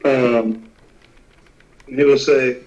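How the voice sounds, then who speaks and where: A man running a tabletop game as game master, casual and quick to laugh. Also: mid-range voice, steady tone, a little mellow, highs cut off.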